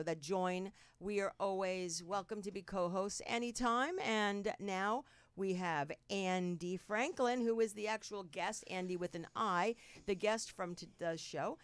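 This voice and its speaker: A woman's voice: medium pitch, a little slow, fairly bright tone, clear, resonant tone, no room sound. A woman from New Jersey with a Jersey accent, hosting a podcast in casual, rambling chat and laughing often. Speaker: podcast host. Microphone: studio mic.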